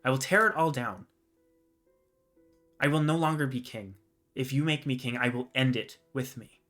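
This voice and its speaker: A man's voice: medium pitch, unhurried, fairly bright tone, soft background music, natural voice. A man voicing a sulky, rebellious boy prince of about twelve who grumbles and talks back in a fantasy game. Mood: defiant. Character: defiant angry twelve-year-old prince.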